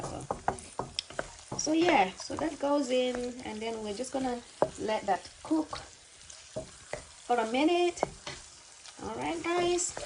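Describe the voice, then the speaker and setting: A woman's voice: mid-range voice, vocal fry, background noise. A woman chatting casually while she cooks in her home kitchen, repeating words and calling her viewers babe. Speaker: cooking vlogger. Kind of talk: casual cooking chat to camera. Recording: loud frying and sizzling behind.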